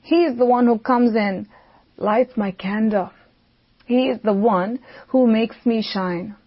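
A woman preaching a devotional sermon, slow and emphatic, repeating key phrases for weight. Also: on the high side. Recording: dull lo-fi audio.

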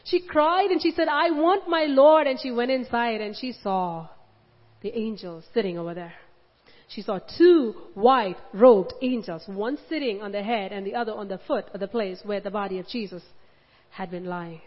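A woman's voice: medium pitch, moderate pace. A woman preaching a sermon with passion, acting out the pleading words of the people in her story. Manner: impassioned, acts out Mary's pleading lines. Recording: dull sound with long hall reverb.

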